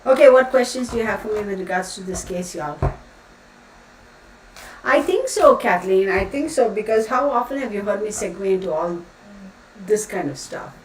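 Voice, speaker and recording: A woman's voice: mid-range voice, expressive, moderate pace, recorded from a distance. A woman hosting a casual tarot livestream, chatting and rambling as she reads out viewers' comments. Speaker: tarot reader livestream host. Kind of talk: casual chat with live viewers. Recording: echoey room, voice off the mic, faint room noise.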